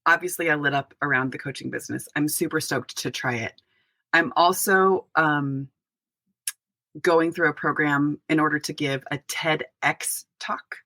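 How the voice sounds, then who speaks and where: A middle-aged woman pastor, a podcast guest, speaking earnestly and reflectively, with pauses and restarts. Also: sits low, pushed and bright, no echo. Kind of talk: podcast interview.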